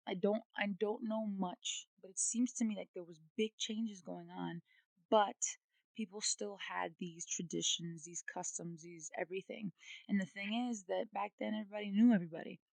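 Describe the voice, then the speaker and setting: A woman's voice: mid-range voice, moderate pace, gravelly, no room sound, low-quality recording. A woman co-hosting a casual podcast chat, ranting with energy and swearing freely. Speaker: podcast co-host.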